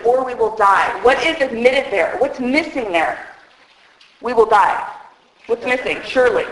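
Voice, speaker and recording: A woman preaching a sermon, animated and joking, acting out little voices as she teaches. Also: fairly high pitch. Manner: animated, jokey, acts out voices. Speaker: women's speaker preaching on Genesis. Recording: very echoey hall.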